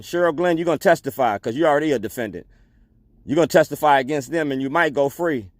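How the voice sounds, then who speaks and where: With a mid-range voice and no echo, a male activist gives defiant public testimony. He declaims, repeats himself and calls people out.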